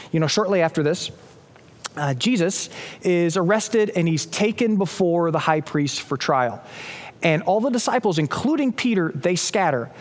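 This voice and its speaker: A man preaching a sermon as pastor, retelling a story with animated storytelling and acted-out quoted lines. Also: high-pitched, in a large hall.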